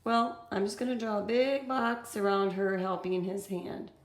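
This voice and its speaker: A woman's voice: medium pitch, a little slow, reverberant. A woman teacher walking children through a reading worksheet, reading passages aloud and explaining them step by step.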